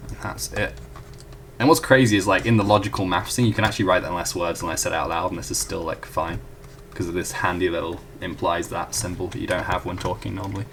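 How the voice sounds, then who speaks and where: Low gravelly young man explaining math. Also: fairly even intonation, quick pace, fairly bright tone, a little hiss or hum. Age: young adult. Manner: chatty, self-correcting, apologetic asides. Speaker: student tutor. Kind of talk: casual whiteboard math walkthrough.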